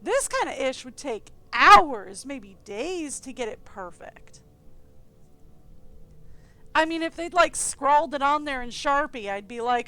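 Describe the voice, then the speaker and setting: A woman from the eastern US streams a game and talks casually, full of chatty, animated asides. Her voice sits high and bright. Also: unhurried, no room sound. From eastern United States. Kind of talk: casual game commentary and reading aloud.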